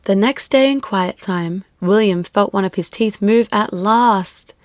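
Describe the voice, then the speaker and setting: A woman reading a children's storybook aloud, clear, expressive and lilting. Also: mid-range voice, unhurried, dry recording.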